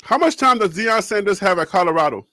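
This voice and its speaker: A man's voice: high-pitched, expressive, fast, pushed and bright, dry recording. A young man hosting a casual sports live stream, laughing often and talking straight to his viewers. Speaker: sports show host.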